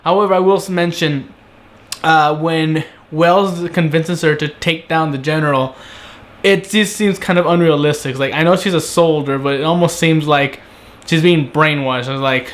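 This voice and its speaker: A young man with a slightly high voice talks through a TV episode in a loose, conversational review. He keeps breaking into quick impressions of the characters' lines before snapping back to his own take. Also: steady tone, a bit bright. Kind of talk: casual solo review.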